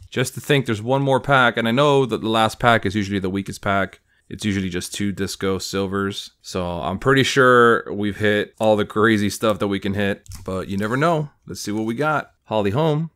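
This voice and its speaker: A young man hosting a casual card-opening video, chatting through each pull and bursting into loud excitement over big hits. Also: on the low side. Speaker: card-collecting channel host. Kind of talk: casual pack-opening commentary.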